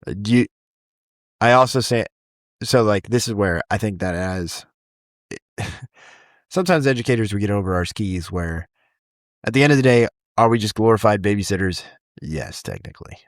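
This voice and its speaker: A man who teaches high school English, chatting casually on a podcast and rambling with frequent restarts and the odd swear word. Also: expressive, moderate pace, long pauses, no echo, clean studio sound.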